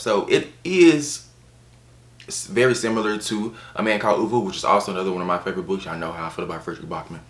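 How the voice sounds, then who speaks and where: Low-voiced, chatty man reviewing books. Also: echoey room. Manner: chatty, animated, with playful asides. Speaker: book reviewer. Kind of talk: casual book review vlog.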